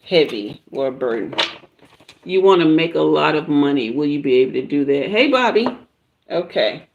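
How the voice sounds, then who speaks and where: A woman with a Southern US accent hosting a casual livestream, chatting with viewers and giving a tarot reading in a relaxed, chatty way. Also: low-pitched, a little hiss or hum. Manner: relaxed, chatty, drawn-out pauses. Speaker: tarot reader livestream host.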